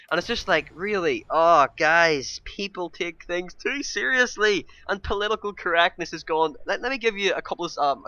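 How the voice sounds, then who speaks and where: A young man ranting to his viewers in a vlog, exasperated and breaking into loud outbursts. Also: a little high, no echo. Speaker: YouTuber.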